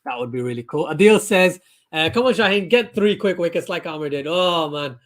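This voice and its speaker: A man's voice: on the high side, brisk. A young man hosting a live cricket watchalong, giving casual commentary and reading out viewer comments in a chatty way. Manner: chatty, reads viewer comments aloud, bursts into excited shouts.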